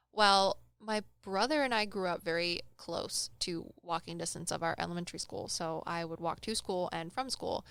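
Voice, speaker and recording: A young woman casually telling a personal story on a podcast, animated and acting out the people she quotes. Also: medium pitch, clear, resonant tone, dry recording. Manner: animated, acts out quoted voices, laughs often. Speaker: medium telling stories on a podcast.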